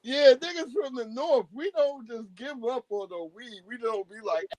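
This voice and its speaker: Man, from Long Island, young adult, high voice, dry close sound, casual storytelling, acts out quotes, slangy. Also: normal speed, darkish tone, dry recording, low-quality recording. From Hempstead, Long Island, New York. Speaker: storyteller guest. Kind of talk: casual podcast chat.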